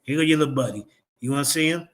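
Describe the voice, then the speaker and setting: A man's voice: a little high, racing, a bit bright. A man hosting a livestream, ranting in a combative, profane, trash-talking way. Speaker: streamer host. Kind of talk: heated livestream rant.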